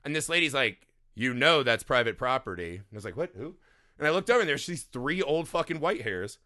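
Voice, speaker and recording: Bright, animated man telling stories. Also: fairly high pitch, fast. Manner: animated storyteller, swears freely, laughs often. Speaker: podcast co-host. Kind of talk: casual podcast chat.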